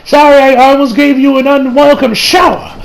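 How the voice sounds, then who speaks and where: A man voicing an apologetic old man who is mopping up, in a slow, folksy way. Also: very high-pitched, level tone, gravelly, pitched above the performer's own voice, poor audio.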